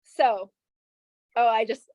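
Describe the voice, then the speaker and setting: A woman guest on a podcast, talking in an emotional, halting way with many restarts. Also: fairly high pitch, darkish tone, dry recording. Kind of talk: casual interview chat.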